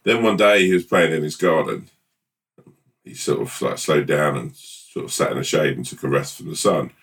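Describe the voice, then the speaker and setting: A man co-hosting a podcast, chatting casually and telling a rambling, playful made-up story with halting restarts. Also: very deep voice, creaky, fairly bright tone, distant mic. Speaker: podcast co-host. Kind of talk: casual chat and improvised storytelling.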